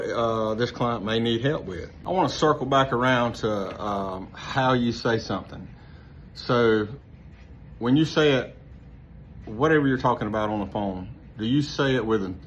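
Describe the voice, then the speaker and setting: Low-voiced man giving relaxed sales advice. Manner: relaxed, rambling, many fillers and restarts. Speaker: sales trainer. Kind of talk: casual instructional talk. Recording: slightly dull lo-fi with faint noise.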